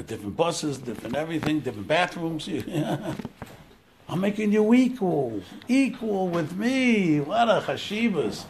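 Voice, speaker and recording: Animated, gravelly man teaching scripture. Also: a little high, slight background noise. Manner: animated, storytelling, acting out quotes. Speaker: Torah teacher. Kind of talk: informal religious lecture.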